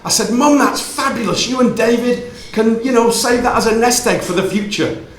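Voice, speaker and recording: A man telling a personal story to an audience, playful and animated, acting out the dialogue. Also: very high-pitched, normal speed, slight background noise. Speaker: speaker giving a talk. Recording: roomy hall reverb.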